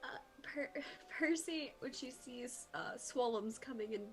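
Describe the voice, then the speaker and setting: A woman playing in a tabletop role-playing game, describing her character's actions plainly, with pauses. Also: on the high side, soft background music. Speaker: player. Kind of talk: casual tabletop play on a live stream.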